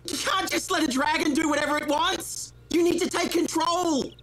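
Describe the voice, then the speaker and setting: Charizard, a crude Australian dragon. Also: male voice, extremely high pitch, steady tone, normal speed, a bit bright. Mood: panicked. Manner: crude, swearing, slangy. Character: foul-mouthed lazy Australian male dragon.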